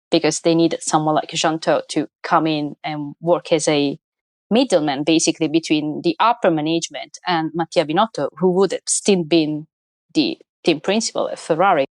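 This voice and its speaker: Lower-pitched animated woman guest. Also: dry recording. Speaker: guest, motorsport columnist. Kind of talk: casual conversational interview.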